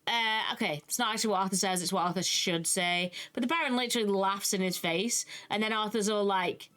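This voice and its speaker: A young British woman giving casual, animated commentary on a video game she is playing, with exasperated asides. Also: medium pitch, a little fast. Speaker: gaming YouTuber. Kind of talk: casual let's-play commentary.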